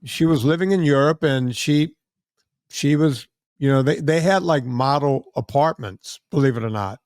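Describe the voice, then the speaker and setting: A middle-aged man hosting a podcast, telling a lively story and acting out the other people's lines. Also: on the high side, moderate pace, no echo, studio quality. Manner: animated storyteller acting out quoted voices. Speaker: podcast host. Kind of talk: casual storytelling chat.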